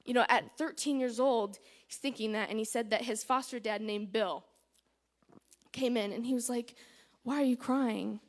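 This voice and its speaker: A woman's voice: a little high, moderate pace. A woman giving a personal church testimony, chatty and candid, retelling events with lots of "I was like" and nervous fillers. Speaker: testimony speaker.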